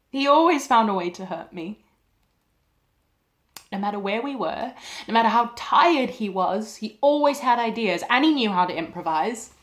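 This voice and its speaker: An actress playing a young wife who records a shaken video message to her mother, speaking softly and haltingly. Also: a little high, lively intonation, rough recording. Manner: soft, hesitant, halting delivery with quiet dips. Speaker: actor in a short film. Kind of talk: dramatic monologue as a video message.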